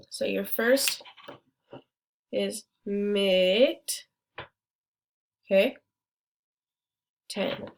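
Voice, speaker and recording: A young woman teaching a small phonics lesson, speaking slowly and sounding out each word syllable by syllable. Her voice sits somewhat high, and she keeps praising the class as they work. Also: creaky. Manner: encouraging, repeats words slowly and syllable by syllable.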